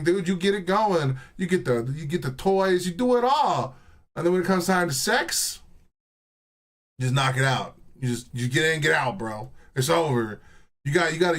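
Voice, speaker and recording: A man's voice: fairly high pitch, a bit bright. A young man giving a rambling, joking reaction commentary, swearing freely, laughing often and filling his talk with "bro" and "like.". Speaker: reaction streamer.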